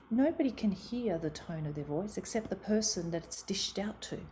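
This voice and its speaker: A woman's voice: medium pitch, expressive, normal speed, few pauses, a little mellow, slight background noise. A middle-aged Australian woman giving a motivational talk on communication, acting out quoted voices with expression. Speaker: speaker on communication.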